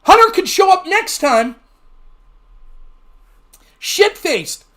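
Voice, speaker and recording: A man's voice: very high-pitched, sing-song, takes it slowly, fairly bright tone. A man hosting a political livestream show, giving sarcastic, combative commentary. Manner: sarcastic and combative, switching into mocking voices.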